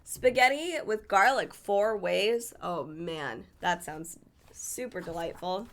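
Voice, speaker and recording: Bright-voiced woman chatting through a cookbook. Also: fairly low pitch, slow. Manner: chatty, enthusiastic, stumbles over Italian names. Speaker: cookbook reviewer. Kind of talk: casual book flip-through.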